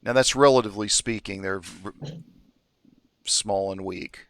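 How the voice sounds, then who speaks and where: A man's voice: lowish voice, a little slow, fairly bright tone, dry recording. A man acting as dungeon master, explaining and narrating the scene of a tabletop game, with frequent restarts.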